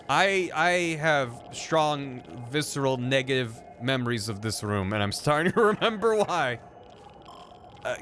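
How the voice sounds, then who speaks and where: A man's voice: a little high, a bit bright. A man streaming a video game, chatting to his viewers in a goofy, swearing, groaning way. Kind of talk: casual live-stream gameplay commentary. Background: video game music.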